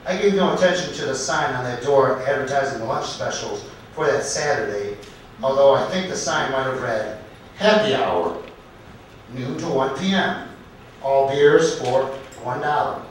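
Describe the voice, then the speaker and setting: A man at an open mic night in a comedy club, telling a story in a halting, deliberate way and correcting himself as he goes. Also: mid-range voice, a little hiss or hum. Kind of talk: storytelling stand-up set. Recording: echoey club recorded from far off.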